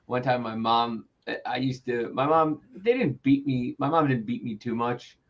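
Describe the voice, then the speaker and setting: A man hosting a podcast in casual chat, telling animated stories and jumping into high voices when he quotes people. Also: normal speed. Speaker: podcast host. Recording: muffled lo-fi sound.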